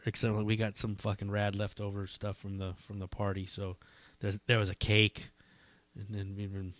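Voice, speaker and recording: A man talking alone into a podcast mic in loose, meandering chat, cursing freely and poking fun at himself. His voice is bright and forward, and the sound is dry and close with no room around it. He wanders between thoughts, full of "um" and "uh.". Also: fairly low pitch, no room sound. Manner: rambling, profane, self-deprecating, many fillers. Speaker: podcast host. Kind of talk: casual solo podcast rambling.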